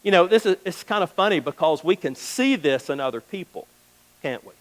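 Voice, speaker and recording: This pastor preaches a church sermon in a conversational style, a little fast, his high voice full of lively intonation. Along the way he acts out small everyday exchanges, captured on a low-quality recording.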